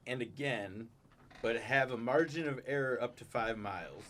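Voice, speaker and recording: A man's voice: mid-range voice, normal speed, a bit bright. A man hosting a casual podcast chat, laid-back, reading out would-you-rather questions and laughing often. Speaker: podcast host.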